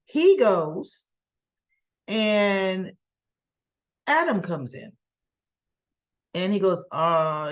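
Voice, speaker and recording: A woman hosting a soap opera recap channel, chattily retelling an episode and acting out the characters' lines. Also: mid-range voice. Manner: chatty, acts out lines with tag questions.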